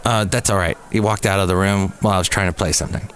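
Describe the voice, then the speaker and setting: A man's voice: low voice, fairly even intonation, fast, fairly bright tone. A man in his fifties hosting a casual solo podcast from a café. He rambles through the news with self-deprecating asides. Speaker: podcast host. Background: faint background music.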